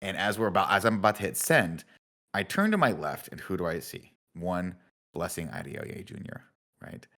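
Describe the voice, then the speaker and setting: A man co-hosting a podcast, telling a story in a lively way and acting out what people said. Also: low voice, moderate pace. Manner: animated storyteller acting out quotes. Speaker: podcast co-host. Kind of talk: casual storytelling chat.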